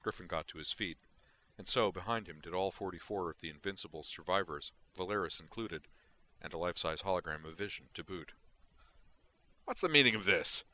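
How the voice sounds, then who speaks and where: A man with a very deep voice reads an audiobook narration. His tone is bright and crisp, and his reading is steady and deliberate. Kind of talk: scripted narration.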